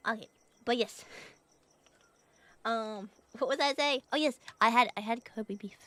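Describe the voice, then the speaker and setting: Speaking at a measured pace, this young VTuber has a slightly high, bright, forceful voice. She chats casually with viewers, giggling often, thanking donors, and tossing out casual swears.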